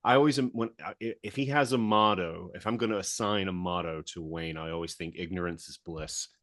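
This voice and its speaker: A man with a very low voice, from the American South, conducts an interview in a dry, close-sounding recording. He is curious and chatty, laughing easily and reshaping his questions as he goes. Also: fairly quick, a bit bright, no room sound. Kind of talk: casual interview chat.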